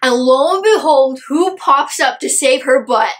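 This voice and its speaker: A young woman excitedly reviewing a book, gushing with exaggerated outrage. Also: sits high, a little slow, slight background noise, low-quality recording.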